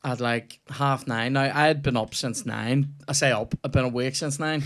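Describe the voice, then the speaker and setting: A young man hosts a casual comedy podcast and talks over a football video game. He swears constantly and tells stories in a lively, animated way. He breaks off to rant at the match. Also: medium pitch, normal speed.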